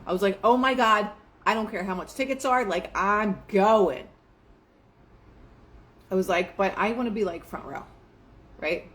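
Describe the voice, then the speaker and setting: A woman's voice: mid-range voice, a little fast. A young adult woman hosting a casual motivational talk, chatty and full of fillers, acting out quoted asides. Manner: chatty, filler-heavy, quotes herself and others in lively asides. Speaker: manifestation show host.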